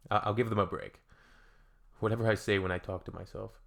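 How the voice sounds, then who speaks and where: A man's voice: fairly low pitch, fairly even intonation, brisk, gravelly, fairly bright tone. A Canadian man hosting a reaction video, reading comments aloud and adding dry, joking asides in a casual tone.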